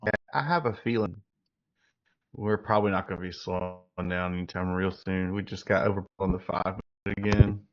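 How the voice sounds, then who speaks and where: Lowish guy chatting about the market, laid back, muffled call audio. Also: steady tone, moderate pace. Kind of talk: casual livestream market commentary.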